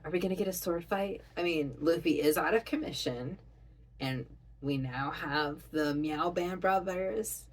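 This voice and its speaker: A woman reacting to an anime episode in casual commentary, gushing like an excitable fan. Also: low-pitched, unhurried, slight background noise, rough recording.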